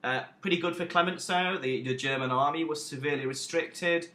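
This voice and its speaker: Man explaining history, bright voice. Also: on the high side, a little fast, reverberant. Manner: emphatic, lively explaining with self-deprecating asides. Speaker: history teacher. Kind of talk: recorded lesson.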